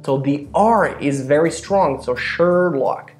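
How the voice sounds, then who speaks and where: An English teacher with an American accent leads a lesson, slowing down to repeat words and drill pronunciation. The voice sits at a middle pitch, and faint music plays quietly behind the talk. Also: lively intonation. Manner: explains slowly, repeats words for practice.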